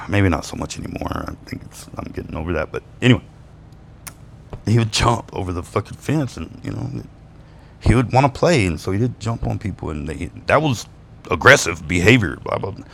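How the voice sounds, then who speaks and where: Very low gravelly man, cursing freely. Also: animated, normal speed, a bit bright, a little hiss or hum. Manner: profane, rambling, laughs between lines; swings from bitter to wistful. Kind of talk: casual personal storytelling monologue.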